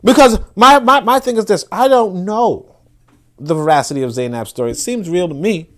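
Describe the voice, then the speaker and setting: Brooklyn man hosting a livestream, high-pitched, emphatic, repeats phrases for weight. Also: animated, moderate pace. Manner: emphatic, repeats words when building a point; reads viewer comments aloud. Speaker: livestream host. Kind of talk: casual livestream commentary.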